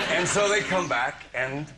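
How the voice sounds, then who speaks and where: Animated male talk-show guest. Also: a little high, takes it slowly. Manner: animated storyteller, acts out voices. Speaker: celebrity guest. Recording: noisy studio audience.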